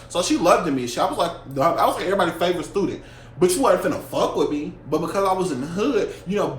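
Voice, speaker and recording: Animated, profane young man telling a story. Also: high voice. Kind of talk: casual storytime vlog. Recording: echoey room with faint hum.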